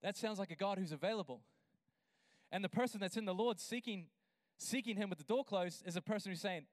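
A man with a high, smooth, resonant voice preaches a passionate sermon. He swings from easy, chatty asides to emphatic, stretched-out declarations. The sound is close and dry, with no room around it. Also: no echo. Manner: passionate, builds to emphatic drawn-out lines. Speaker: pastor.

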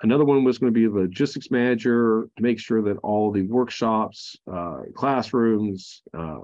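A man's voice: on the low side, normal speed, a little mellow, dull audio. A man, a Marine veteran guest on a podcast, telling his own story frankly, with many fillers and restarts. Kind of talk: candid personal storytelling.

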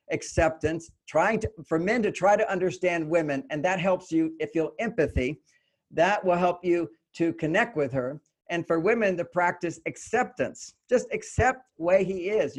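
An older man with a fairly high voice talks through relationship ideas in an earnest, explanatory way. Now and then he slips into a quick, put-on voice to act out what someone might say. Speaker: relationship author, guest. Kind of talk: conversational interview.

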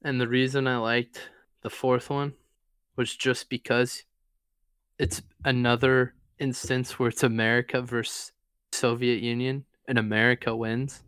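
A man talks through his picks in a loose, conversational way, his voice smooth and clear. The sound is close and dry, with no room behind him. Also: mid-range voice, little pitch movement, a little slow, fairly bright tone, dry recording. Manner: loose and conversational, ranking favorites with easygoing asides. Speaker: podcast co-host. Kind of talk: casual sports podcast chat.

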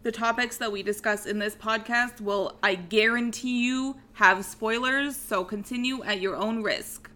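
A woman's voice: fairly high pitch, a little slow, few pauses. A young adult woman with an Australian accent, co-hosting a casual podcast, giggly and swearing freely. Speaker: podcast co-host.

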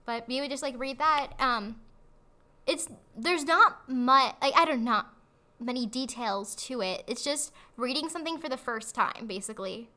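High, bright woman with hesitant fillers. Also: normal speed. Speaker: podcast co-host. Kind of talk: casual chat.

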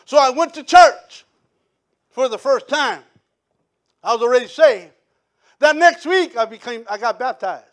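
A man preaching from the pulpit, his voice sitting very high. He tells his testimony with animated energy, acting out the people he quotes. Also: measured pace, long pauses. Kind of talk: sermon testimony.

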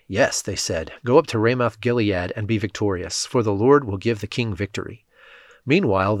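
A man giving a measured, scripted Bible reading, lightly voicing the quoted speech. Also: on the low side, dry recording, clean studio sound. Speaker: scripture reader.

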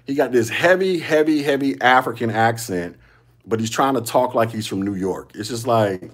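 A man's voice: medium pitch, moderate pace. A man hosting a solo podcast, giving casual commentary in loose slangy talk, repeating himself and chuckling often. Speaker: podcast host.

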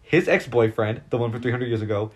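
A man co-hosting a casual podcast chat, telling stories in a rambling, excitable way full of fillers. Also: medium pitch, quick pace. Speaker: podcast co-host.

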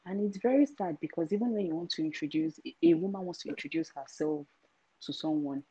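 Young woman, podcast guest, earnest opinions, low husky voice, muffled lo-fi sound. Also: brisk, dark tone, no echo. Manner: shy at first, then earnest and opinionated. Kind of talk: casual podcast chat.

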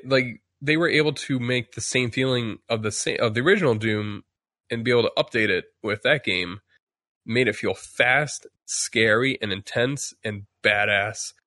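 A man's voice: fairly low pitch, pushed and bright, no echo, studio quality. A man chatting casually on a podcast, rambling with many restarts and fillers while acting out quotes. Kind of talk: casual chat.

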